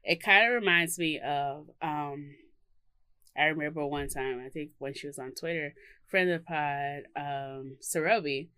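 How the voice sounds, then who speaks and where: Woman, podcast co-host, low pitch, lots of laughs and fillers, dry recording. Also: a little slow, sharp tone, clean tone, no echo. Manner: chatty, laughs often, many fillers. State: hiccups. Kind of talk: casual podcast chat.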